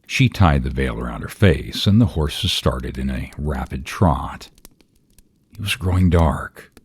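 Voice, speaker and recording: Brief: deep-voiced male storyteller, whispery and husky, reading a spooky tale. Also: expressive. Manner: slow, hushed, partly whispered. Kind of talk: hushed horror story narration.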